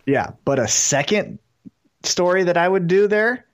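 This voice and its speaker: A man with a fairly high voice co-hosts a casual podcast chat. He talks excitedly, swears freely and acts out the scenes he imagines. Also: a little slow. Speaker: podcast co-host.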